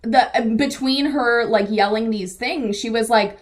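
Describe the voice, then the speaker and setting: Young female co-host, conversational, quick to laugh, slightly high pitch. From San Diego area. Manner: chatty, laughs often, lots of fillers. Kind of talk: casual news recap chat.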